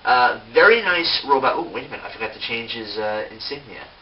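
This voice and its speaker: A man of middle pitch rambles through a casual toy review, filling his pauses with ums and joking at his own expense. He sits some way from the mic, so the sound is muffled and lo-fi, with a faint hiss behind it. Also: expressive, distant mic. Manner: rambling, many fillers, self-mocking asides.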